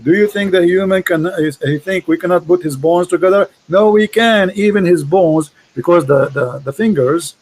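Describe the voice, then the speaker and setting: A man with an Arabic accent and a high-pitched voice, debating on a video call. He talks in quick, mocking bursts and often repeats his words. His tone is forceful. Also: low-quality recording. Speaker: host, debater. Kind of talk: casual debate chat.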